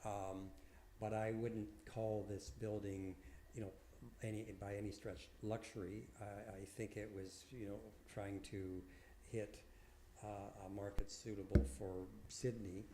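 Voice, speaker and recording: A man's voice: on the low side, flat delivery, a little slow, warm tone, reverberant, slight background noise. A man representing a housing project, answering council questions hesitantly with many fillers. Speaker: development proponent.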